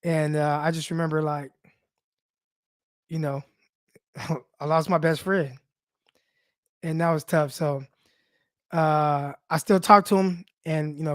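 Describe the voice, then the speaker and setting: A young man with a voice on the high side hosts a sports podcast in a dry, studio-quality recording. Teary-eyed, he talks loosely and personally with lots of fillers in a casual, heartfelt monologue.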